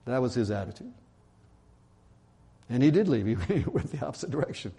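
A man preaching a sermon, animated and acting out quoted lines with a raised voice. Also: medium pitch, a little fast, vocal fry.

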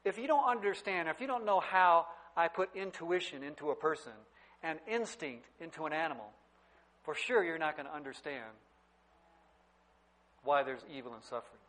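Middle-aged preacher guy, kinda high voice, tells stories, gets loud then drops real soft. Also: expressive, moderate pace, low-quality recording. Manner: storytelling preacher, wide swings in loudness. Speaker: pastor. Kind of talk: sermon.

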